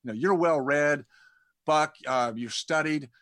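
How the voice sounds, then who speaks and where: A man's voice: fairly high pitch, unhurried, fairly bright tone, no echo. Man, interview guest, rambling, stutters on restarts, dry close recording. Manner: rambling, repeats words when starting sentences. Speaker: podcast guest, dentist and community founder. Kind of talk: conversational interview.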